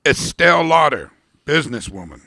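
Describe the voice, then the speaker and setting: A man's voice: fairly high pitch, very animated, moderate pace, vocal fry, bright, forceful tone, no room sound, studio quality. A man co-hosting a casual podcast, reading out calendar quotes in a rambling, self-correcting way and swearing now and then.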